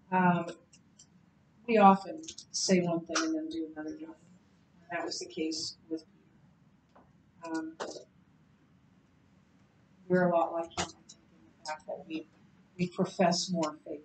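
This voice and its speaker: A woman teaching a Bible class in a conversational lecture style, chatty and animated, with many fillers and restarts. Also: sits low, distant mic. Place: church classroom. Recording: roomy echo with faint background hiss.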